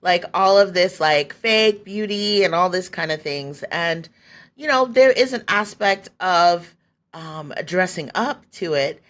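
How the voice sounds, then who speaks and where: A woman's voice: on the low side, animated, a little slow, fairly bright tone. A woman in her forties hosting a podcast, telling her own story in a candid, loose way, laughing often and acting out what she was thinking back then. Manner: loose and conversational, many fillers. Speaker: podcast host. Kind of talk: personal storytelling.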